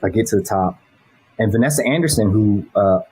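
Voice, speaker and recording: Husky la guy rambling casually, swears a lot, laughs easy. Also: fairly low pitch, fairly quick, a little mellow, low-quality recording. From Los Angeles. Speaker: guest, animation director. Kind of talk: casual interview chat.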